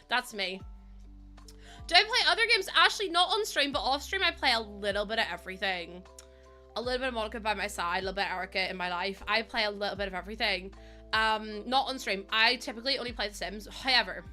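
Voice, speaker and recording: A woman's voice: a little high, bright, forceful tone. A young woman chatting casually to her live-stream viewers, giggly and friendly, calling them bestie. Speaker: game streamer.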